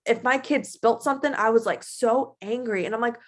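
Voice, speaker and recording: A woman in her twenties giving a casual, animated motivational talk to her team, chatty and full of feeling. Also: fairly high pitch, fairly quick, few pauses. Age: 20s. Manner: animated and chatty, acting out her own past voice.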